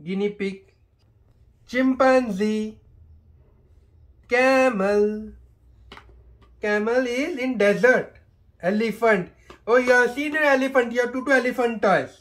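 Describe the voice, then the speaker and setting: Slow, high-voiced Indian man reading aloud. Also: a bit bright. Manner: slow, sing-song, imitates animal sounds. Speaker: parent reviewing a board book. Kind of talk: reading a picture book aloud to a toddler.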